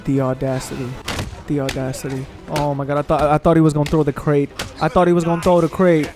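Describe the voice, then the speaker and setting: A young man casually commentating his gameplay, excitable and profane, trash-talking enemies on screen. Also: fairly high pitch, fast talker, music in the background. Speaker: gaming channel host.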